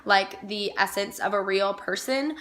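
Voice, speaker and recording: A woman's voice: mid-range voice, a little slow, fairly bright tone, slight background noise. A young woman chatting casually on a vlog, gushing with lots of "like" fillers. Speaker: vlogger. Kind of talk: casual chat.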